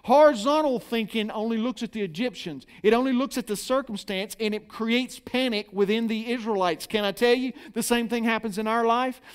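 A high-pitched middle-aged male pastor delivering a lively sermon. He plays out the voices of the people in the story and pulls the congregation in with call-and-response. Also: fairly quick, few pauses, clean tone.

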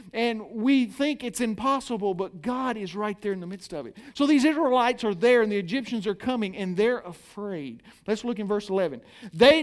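A middle-aged man preaching a sermon, dramatically acting out the people in the story and calling on the congregation to answer back. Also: high voice. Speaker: pastor.

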